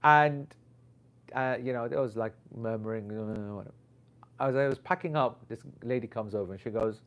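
Animated, rambling male storyteller. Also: medium pitch, brisk. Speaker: Islamic teacher. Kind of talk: casual anecdote.

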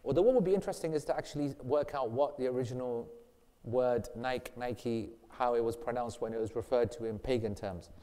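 His voice is mellow and sits at a medium pitch. He's running an informal religious class on Islam, rambling and ribbing his students with jokes, and the sound echoes with long reverb through a hall.

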